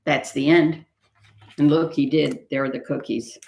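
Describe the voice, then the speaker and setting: A woman librarian reading picture books aloud to children, expressive and asking them questions. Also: sits low, measured pace, gravelly, reverberant, a little hiss or hum. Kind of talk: storytime read-aloud. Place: library room.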